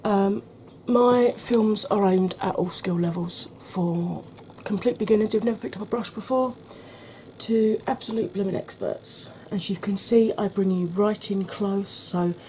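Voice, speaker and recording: A woman with a slightly husky voice, giving a soft-spoken ASMR makeup tutorial in a chatty, explanatory way. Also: medium pitch, unhurried, slight background noise.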